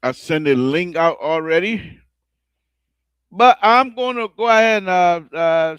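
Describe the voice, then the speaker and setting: A man's voice: on the high side, expressive, a little slow, a bit bright, smooth, no room sound, lo-fi sound. A man with a Liberian accent, hosting an online radio talk show, who rambles, repeats his phrases, prays aloud and rants about politics. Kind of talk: casual talk show monologue with prayer.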